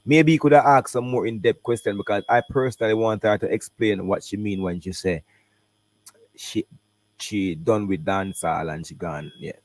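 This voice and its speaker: A Jamaican man hosting a casual reaction stream, talking in patois and English with animated commentary. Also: on the low side, moderate pace. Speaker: host reacting to an interview.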